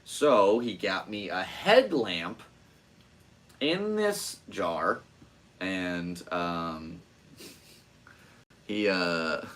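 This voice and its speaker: A young man with a somewhat low voice hosts his podcast solo. He rambles through stories in an excitable, self-deprecating way, with a faint hum of background noise behind him. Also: extremely slow, long pauses, rough recording. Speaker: podcast host.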